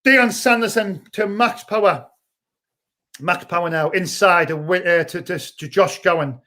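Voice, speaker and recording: A young man, hosting a live fan stream and commentating excitedly, shouting during attacks. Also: sits high. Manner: shouts and rushes during attacks, chats between. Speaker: fan channel host.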